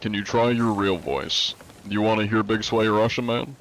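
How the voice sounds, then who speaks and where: A man's voice: fairly low pitch, steady tone, normal speed, fairly bright tone, a little hiss or hum. A man streaming a game live in a casual, laid-back way, reading chat aloud, answering it and using many "uh" fillers. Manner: frequent "uh" fillers.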